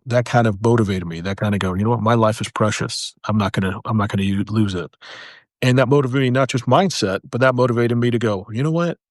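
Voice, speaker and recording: A military veteran, a man, earnestly telling his personal story, halting and repeating phrases for emphasis, and speaking softly in the heavy moments. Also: lowish voice, no echo, clean studio sound.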